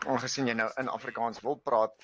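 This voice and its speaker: A man's voice: medium pitch, level tone, a bit bright. South african guy doing esports play by play, jokey, faint hiss and clicks behind. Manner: quick play-by-play calls, jokey. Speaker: esports caster. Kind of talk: live game commentary. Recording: faint background noise and clicks.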